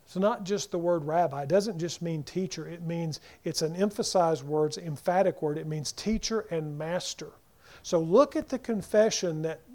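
A man preaching a sermon. He swings between loud emphasis and near-whispers and acts out the people in the scripture passages in quick voices. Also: fairly high pitch.

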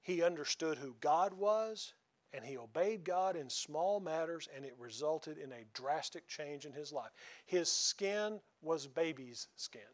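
A man's voice: fairly high pitch, lively intonation, a little slow. A man preaching a sermon in a folksy, conversational way, often asking the congregation questions.

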